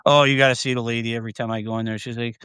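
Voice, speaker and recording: A man's voice: mid-range voice, level tone, rapid-fire, a bit bright, clean tone, dry recording. A man hosting a livestream, talking in a casual, rambling way, swearing freely and laughing often. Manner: profane, laughs often, trails off and restarts. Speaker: livestream host.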